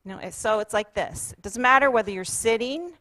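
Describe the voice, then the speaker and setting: A woman pastor preaches a sermon in a church sanctuary, her voice on the high side and fairly quick, recorded dry. She's warm and encouraging, leading her congregation in repeated call-and-response affirmations.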